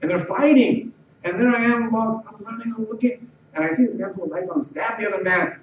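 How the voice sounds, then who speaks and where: A middle-aged man with a high voice tells his own story casually, stumbling and repeating words as he goes. He is picked up from a distance in an echoey room, and the recording sounds dull with a faint hiss underneath. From Los Angeles area. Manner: halting, repeats words and restarts, voice rising when retelling tense moments. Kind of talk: personal life story, told casually. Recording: roomy, distant, dull and slightly noisy.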